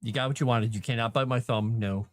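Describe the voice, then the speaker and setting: A man's voice: medium pitch, fairly even intonation, quick pace, no echo, studio quality. A man, an author, chatting casually with his viewers on a live stream and cooing at his cat between thoughts.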